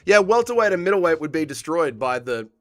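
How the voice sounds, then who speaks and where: A man's voice: fairly high pitch, very animated, fairly quick, fairly bright tone, no echo, studio quality. A man, hosting a casual fight watch-along stream and joking crudely as he reads chat aloud. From Australia. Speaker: livestream host.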